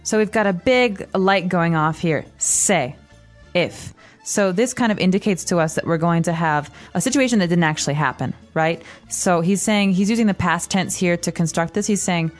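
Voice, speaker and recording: Woman teaching italian on a podcast, kinda low voice, patient, faint music under it. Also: moderate pace. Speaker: language podcast co-host. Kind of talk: explaining Italian grammar.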